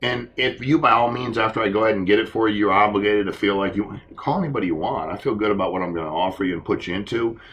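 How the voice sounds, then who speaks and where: Fast-talking low-voiced man on a panel. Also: lo-fi sound. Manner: earnest, animated storytelling, acts out conversations. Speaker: insurance agency leader. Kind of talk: live panel Q&A answer.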